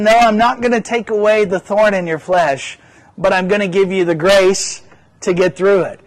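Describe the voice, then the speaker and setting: A man's voice: high-pitched, poor audio. A pastor preaching a sermon in an earnest manner, often repeating words as he presses a point.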